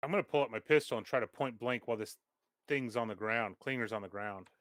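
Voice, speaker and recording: A man's voice: medium pitch, fast talker, fairly bright tone, no room sound. A man playing a tabletop game, speaking in a wry, self-deprecating way. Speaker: player. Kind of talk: casual tabletop play.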